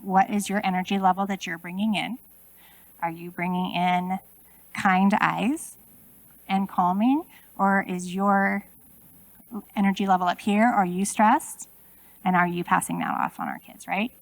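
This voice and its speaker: Keynote speaker, woman in her forties with some vocal fry; casual, talks straight to the room with rhetorical questions. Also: mid-range voice, fairly even intonation, measured pace, pauses often, dry recording, poor audio. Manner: conversational, asks the audience many rhetorical questions. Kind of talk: conference keynote talk. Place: conference room.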